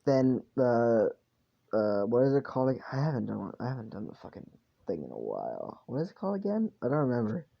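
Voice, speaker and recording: Tired, rambling, gravelly-voiced man. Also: medium pitch, sing-song, a little fast, muffled recording. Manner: rambling, with many fillers and swearing. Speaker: storyteller. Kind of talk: rambling casual story narration.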